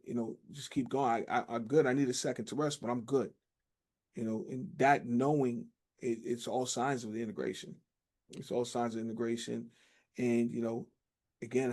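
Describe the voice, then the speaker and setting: Warm-toned male interview host. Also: medium pitch. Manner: affirming, thoughtful, coaching tone. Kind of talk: interview conversation.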